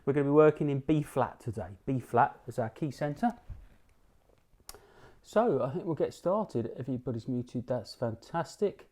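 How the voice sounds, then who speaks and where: A man's voice: medium pitch, normal speed. British man teaching jazz ear training. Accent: British English. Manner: relaxed, instructive, many fillers and restarts. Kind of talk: live online music lesson. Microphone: video call. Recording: faint piano music behind the voice. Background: piano notes.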